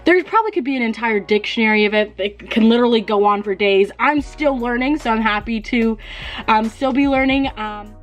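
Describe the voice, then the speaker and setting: Chatty young woman, fairly high voice. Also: a little fast, soft background music. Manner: chatty, laughs at herself, swears casually. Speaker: beauty vlogger. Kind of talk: casual DIY tutorial chat.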